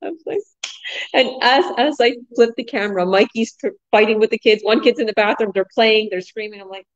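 A middle-aged woman from Canada hosting a casual live online chat, bubbly and excited, laughing often. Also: a little high, fairly quick, highs cut off. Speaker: host.

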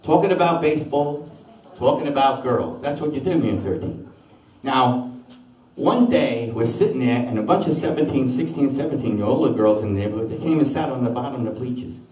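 Older male stage comic-singer, chatty storyteller, booming hall sound. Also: animated, brisk. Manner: chatty, jokey storyteller with a street-corner neighborhood tone. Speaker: oldies singer and comedian. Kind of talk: live concert banter and singing. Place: live concert stage with audience. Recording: echoey live hall, mic from a distance, band playing loud.

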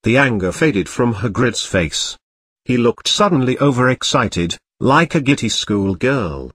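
A man's voice: mid-range voice, very animated, unhurried, fairly bright tone, slightly rough, no room sound. A man narrating a parody story in a wry reading voice.

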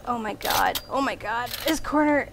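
A woman's voice: a little high, normal speed, gravelly, noisy background. A woman commenting on a horror game as she plays, jumpy and often screaming at monsters. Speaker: gaming video host. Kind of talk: let's play commentary.

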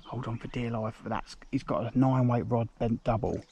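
A man's voice: medium pitch, moderate pace, noisy background. Straining man narrating a carp fight. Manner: excited, breathless exclamations, muttered asides. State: straining, arm aching. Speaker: fishing vlogger. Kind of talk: live commentary while fishing. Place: outdoors by a lake.

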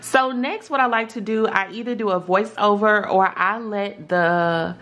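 A woman's voice: medium pitch, unhurried, fairly bright tone. A woman casually explaining steps in an app tutorial, often checking in with her viewers. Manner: chatty, checks in with viewers with "okay?". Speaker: tutorial vlogger.

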